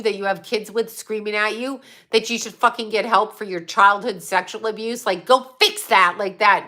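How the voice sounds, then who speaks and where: A woman's voice: medium pitch, sharp tone. A woman hosting a casual livestream and answering her chat, talking in a blunt, profane, outspoken way.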